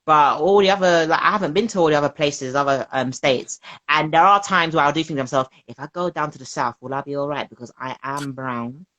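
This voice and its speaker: A woman, a podcast guest chatting casually, animated and quick to laugh, slipping into playful voices for people she quotes. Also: low-pitched. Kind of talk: casual chat.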